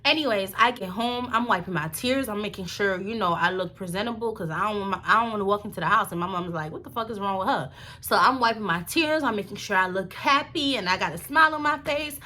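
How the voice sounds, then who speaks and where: A young woman vlogger telling a story in a casual, slangy, animated way, full of swearing and sudden high-pitched quoted voices. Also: fast talker, hardly any pauses.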